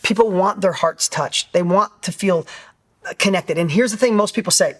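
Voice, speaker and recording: A man's voice: high voice, moderate pace. A man in his fifties giving a motivational talk as a business coach, emphatic and repetitive, acting out quotes as he goes. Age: 50s.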